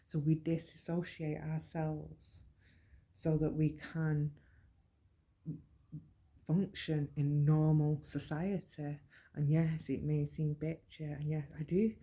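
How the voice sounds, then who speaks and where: A woman talks through her own experience in an earnest, plain-spoken monologue. Her voice is very dark and mellow, with a steady gravelly fry under it. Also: low-pitched, slow pace. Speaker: podcast host. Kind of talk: personal monologue on mental health.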